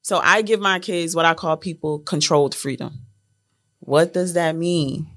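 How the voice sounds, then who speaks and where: A woman's voice: low voice, measured pace. A young woman and mother, a guest on a casual talk show, telling parenting stories and acting out the dialogue with her kids. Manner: animated storyteller, acts out dialogue with her kids. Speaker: guest speaking on millennial parenting. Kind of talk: casual podcast chat.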